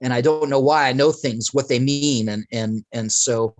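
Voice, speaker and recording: A man talking as a guest, telling a long story in a rambling, animated way and jumping between tangents. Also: medium pitch, moderate pace, dry recording, low-quality recording. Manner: rambling, animated, acts out quoted speech. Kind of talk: casual storytelling in conversation.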